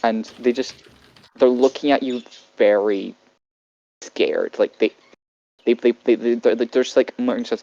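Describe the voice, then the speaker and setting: A woman's voice: rumbling low, steady tone, warm tone, muffled recording. A woman running a tabletop game as game master, narrating with many fillers and restarts. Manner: halting, filler-heavy narration.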